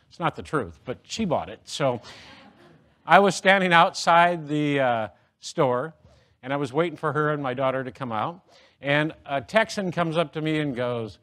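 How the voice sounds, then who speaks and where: A man's voice: on the high side, a bit bright. A middle-aged man giving a humorous, self-deprecating speech to an audience, telling jokes and stories. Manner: joking, self-deprecating storyteller. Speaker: motivational speaker.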